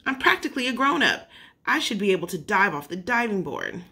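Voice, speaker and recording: A woman voicing an excitable, stubborn eight-year-old girl who pleads in a high, whiny voice. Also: a little fast. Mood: grumbling.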